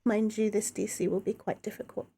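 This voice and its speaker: A woman's voice: medium pitch, level tone, a little fast, creaky, mellow, husky. A woman running a tabletop game as dungeon master over a video call, patiently explaining rules and scenes.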